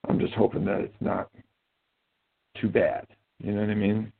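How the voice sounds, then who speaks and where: A man's voice: fairly low pitch, level tone, normal speed. A man hosting a casual live show, telling rambling, profane, joking stories. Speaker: host. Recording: tinny phone-like sound.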